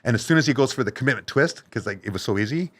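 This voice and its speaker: A man tells a wild story as a podcast guest, loose and animated, cursing casually. His pitch sits in a normal middle range. He is recorded in a podcast studio. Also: very fast. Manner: animated, swearing, acts out others' lines.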